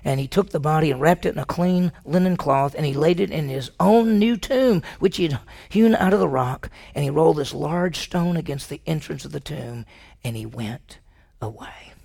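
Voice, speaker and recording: A man preaching a sermon as a pastor, swinging from loud urgent runs to hushed, near-whispered lines. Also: fairly high pitch, normal speed, gravelly.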